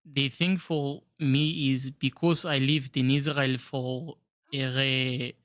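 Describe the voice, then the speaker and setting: A man's voice: medium pitch, level tone, slow, fairly bright tone, no echo. Rambling man hosting with dry close sound. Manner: rambling, filler-heavy, sarcastic. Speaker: podcast host. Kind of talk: casual interview chat. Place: South Florida.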